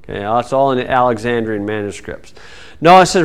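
A man's voice: medium pitch, expressive, brisk, clean tone. A man teaching the Bible in a folksy sermon style, with sarcastic asides and mocking voices.

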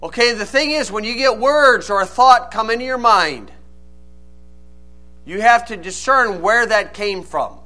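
Preacher guy, high bright voice, reads scripture then breaks it down. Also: lively intonation, unhurried. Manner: reads scripture in King James style, then explains plainly and emphatically. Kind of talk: sermon.

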